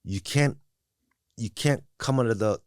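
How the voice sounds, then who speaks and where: A man's voice: medium pitch, a little slow, darkish tone, no room sound, studio quality. A man as a podcast guest, talking candidly and reflectively about his past, with frequent restarts and "you know what I mean.". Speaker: guest sharing recovery story. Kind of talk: candid conversational interview.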